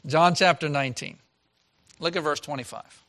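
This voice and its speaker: A man preaching a sermon as a pastor, reading scripture and swinging from loud exclaiming to hushed tones. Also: a little high, normal speed.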